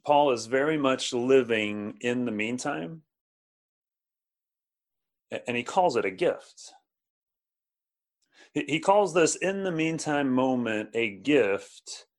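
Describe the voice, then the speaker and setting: A man preaching a sermon, often repeating words and asking the listeners to respond. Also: mid-range voice. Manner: halting, repeats words, asks audience to respond. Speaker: pastor. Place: streamed over video call and social media.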